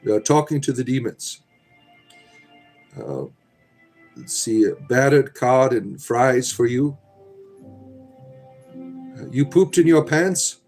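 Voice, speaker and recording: A man's voice: medium pitch, sing-song, takes it slowly, pauses often, a little mellow, faint music behind. A middle-aged man hosting a casual livestream, reading chat aloud in a rambling, sardonic, irreverent way.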